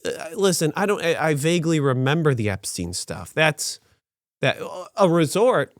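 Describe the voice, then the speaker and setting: A man's voice: fairly high pitch, very animated, normal speed, no room sound, clean studio sound. A man hosting a podcast, giving sarcastic and rambling commentary on news stories with many restarts. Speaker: podcast host.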